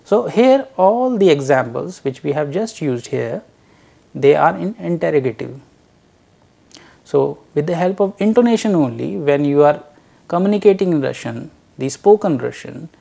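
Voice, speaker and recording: A man giving a recorded lecture, teaching slowly and deliberately and drilling short example phrases. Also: on the high side, creaky, mellow.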